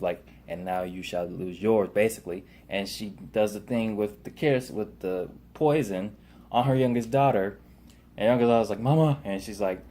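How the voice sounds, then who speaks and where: A man's voice: fairly low pitch, a little mellow, a little hiss or hum. A man casually recapping a TV episode, rambling with lots of fillers and loosely paraphrased quotes. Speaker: TV show reviewer.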